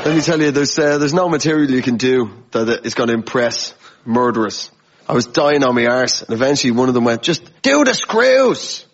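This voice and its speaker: A man's voice: medium pitch, fairly quick. A man from Dublin, a comedian telling a comic anecdote on a panel show and acting out the voices. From Dublin, Ireland. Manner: animated storytelling, acts out voices. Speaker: comedian guest. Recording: lo-fi broadcast with loud audience laughter.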